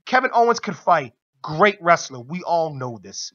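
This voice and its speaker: A man's voice: a little high, big pitch swings, moderate pace, pushed and bright, muffled recording. A man co-hosting a radio talk show, recapping wrestling in a casual, enthusiastic way and laughing often. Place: radio studio.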